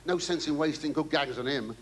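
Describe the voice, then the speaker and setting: A man's voice: fairly high pitch, a little fast. A British man performing a rambling, camp stand-up monologue for a navy crew aboard a ship, full of theatrical, cheeky asides. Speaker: comedian entertaining navy crew. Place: aboard a navy ship, before a live audience. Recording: noisy live recording.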